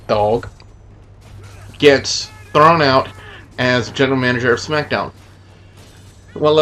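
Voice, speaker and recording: A man's voice: mid-range voice, fairly bright tone, a little hiss or hum. Man giving a rambling wrestling review. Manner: rambling, with frequent "uh" and "you know". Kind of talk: casual spoken review with scores.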